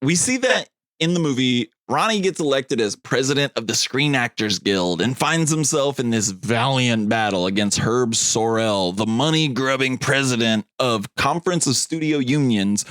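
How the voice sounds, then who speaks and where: Male podcast co-host, casual and rambling, swears freely, mid-pitched, dry close mic. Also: lively intonation, normal speed, fairly bright tone, dry recording. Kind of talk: casual movie review chat.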